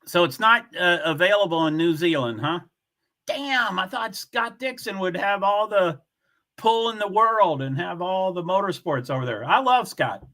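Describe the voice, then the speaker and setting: A man's voice: high-pitched, lively intonation, moderate pace, bright, forceful tone. A man hosting a casual livestream, chatting with viewers and reading their comments aloud in a blunt, offhand way. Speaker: livestream host.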